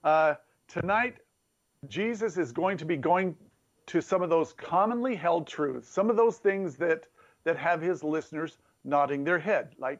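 A man preaching with a slightly higher voice, talking with his listeners rather than at them. He plays with repetition and a teasing tone. The sound is dull and a bit muffled. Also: unhurried. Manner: conversational, playful, builds through repeated phrases. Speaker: pastor. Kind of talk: sermon.

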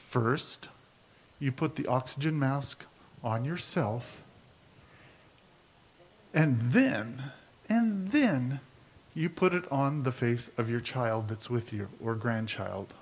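A man's voice: mid-range voice, slight background noise. A man preaching a sermon as a pastor, talking conversationally and asking his listeners rhetorical questions.

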